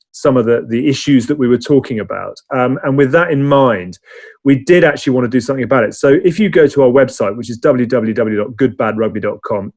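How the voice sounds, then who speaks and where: A male podcast host who speaks quickly in a mid-range voice. He closes the show with polished, brisk remarks and a bit of friendly ribbing. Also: medium pitch, a little mellow. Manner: brisk, polished wrap-up with light teasing. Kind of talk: podcast sign-off.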